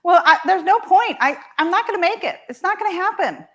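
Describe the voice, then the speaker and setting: A woman voicing her upset teenage daughter, who pleads in a rapid, breathless way. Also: extremely high pitch, animated, fairly bright tone, pitched above the performer's own voice. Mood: panicked. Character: panicked teenage girl, tearful and insistent.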